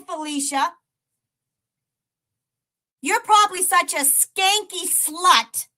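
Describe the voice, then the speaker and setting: A woman's voice: very high voice, pushed and bright. A woman hosting a live stream, cursing and taunting a troll in a profane, mocking rant. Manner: profane, taunting, laughs between jabs. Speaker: livestream host. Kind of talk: ranting live-stream commentary.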